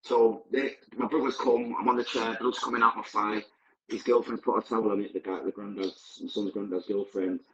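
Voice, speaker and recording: A man's voice: on the low side, fairly even intonation, fairly quick, roomy sound, lo-fi sound, noisy background. A man, a podcast guest, recounting his past in a candid, vivid, blunt present-tense way. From Manchester, England. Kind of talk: personal storytelling.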